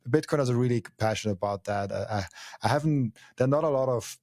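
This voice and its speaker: A man hosting a podcast, talking in a casual, halting way and often restarting his sentences. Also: medium pitch, darkish tone, no room sound, studio quality. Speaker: podcast host. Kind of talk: casual interview chat.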